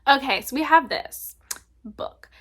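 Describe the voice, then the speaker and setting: High-voiced, gushing young woman. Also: unhurried, fairly bright tone. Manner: gushing, chatty, full of filler words. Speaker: book reviewer. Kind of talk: casual book recommendation vlog.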